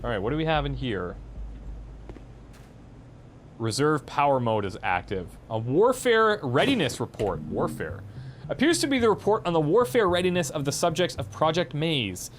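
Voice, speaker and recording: A man casually commenting on gameplay, animated and amused, with frequent chuckling asides. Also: a little high, normal speed, a little hiss or hum. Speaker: let's play host.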